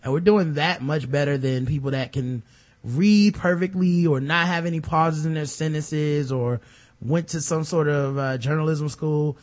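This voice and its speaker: A man's voice: on the high side, steady tone, normal speed. Loose-talking, profane male podcast host. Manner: loose, profane, rambling with fillers. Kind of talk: casual chat.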